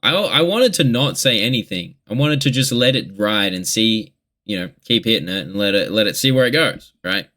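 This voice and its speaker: Young Aussie male vlogger with a lowish voice, rambling and swearing through a candid confessional. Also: lively intonation, moderate pace, bright, forceful tone. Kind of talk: casual confessional monologue.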